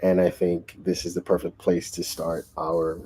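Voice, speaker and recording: A man co-hosting a casual book discussion, recapping the plot in an excitable, rambling way with lots of restarts. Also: low-pitched, normal speed, breathy edge, poor audio. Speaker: book club co-host.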